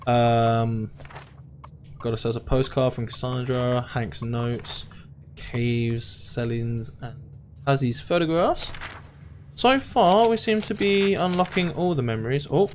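Young gaming commentator, chatty, playful, reacting aloud, faint noise. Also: male voice, medium pitch, animated, slow pace. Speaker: gaming YouTuber. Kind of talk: let's play commentary.

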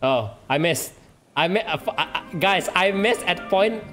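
A streamer giving excitable live gameplay commentary, full of trash talk, laughter, repeated taunts and non-native English grammar. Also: mid-range voice, normal speed, soft background music. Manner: taunting, repeats short phrases.

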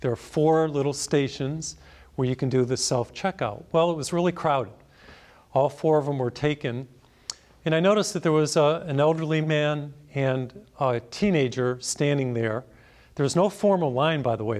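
A man's voice: on the high side, darkish tone. A man, a priest, preaching a sermon through a personal anecdote, storytelling animatedly and laughing at himself.

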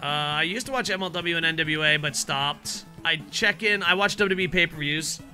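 Male streamer, high and very bright voice, excitable casual chatter with light music behind. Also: moderate pace. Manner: excitable, reacts loudly, swears casually. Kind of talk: casual chat over gameplay.

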